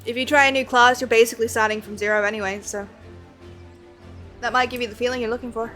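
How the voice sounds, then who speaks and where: A woman's voice: on the high side, fairly even intonation, fast, pushed and bright. A woman streaming a game, chatting casually and rambling with frequent laughs, over faint background music. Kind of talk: casual chat while gaming.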